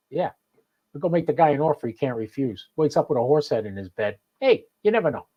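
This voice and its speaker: A man's voice: fairly high pitch, very animated, quick pace, breathy edge, muffled recording. Chatty New man ranting. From New Jersey. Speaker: host. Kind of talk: live podcast chat.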